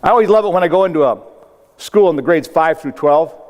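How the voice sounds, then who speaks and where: Older guy from south dakota giving a funny keynote speech, storytelling with little punchlines, high-ish voice, big echoey hall. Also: fast talker, darkish tone. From South Dakota, United States. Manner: storytelling with acted-out quotes and punchy asides. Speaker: motivational speaker. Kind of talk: humorous keynote speech to a live audience. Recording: long hall reverb.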